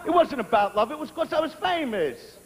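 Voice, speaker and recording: A man doing a profane live stand-up routine, brash and crude, breaking into shouts. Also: very high-pitched, big pitch swings, brisk. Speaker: stand-up comedian. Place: stage before a live audience. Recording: reverberant live venue with crowd.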